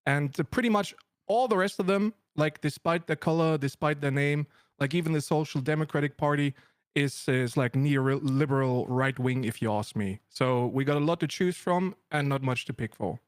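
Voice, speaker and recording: A German-accented man speaks as a guest on a stream, joking dryly and sardonically. His voice sits somewhat high for a man. The sound is dry, with no echo. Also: normal speed, clear, resonant tone. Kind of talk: casual chat over a call.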